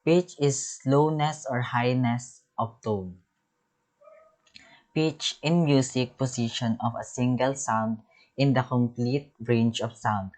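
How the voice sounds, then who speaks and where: A male music teacher works through his slides one term at a time, reading each definition aloud. He goes slowly and breaks off mid-word to start again, in a voice of ordinary middle pitch. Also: fairly even intonation, a little mellow, poor audio. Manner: halting, reads terms and definitions with restarts.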